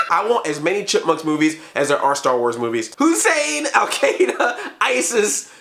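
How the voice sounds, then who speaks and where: A man giving a comedic movie review, animated and mock-outraged, often breaking into laughter. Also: sits high, brisk, hardly any pauses, roomy sound, slight background noise.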